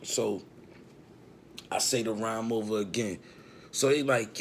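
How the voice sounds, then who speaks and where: A man's voice: fairly low pitch, slow pace, pauses often. A man telling a long, rambling, profane story about his past in a casual way.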